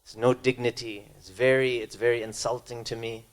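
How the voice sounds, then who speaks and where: A man voicing a bitter, complaining older male patient stuck in a hospital bed, speaking low and grim. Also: little pitch movement, a little fast, lightly acted.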